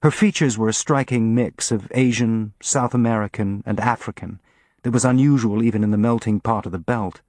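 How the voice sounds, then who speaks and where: A man narrating an audiobook in a steady, even reading voice on a close mic. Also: fairly low pitch, normal speed, no echo. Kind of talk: scripted narration.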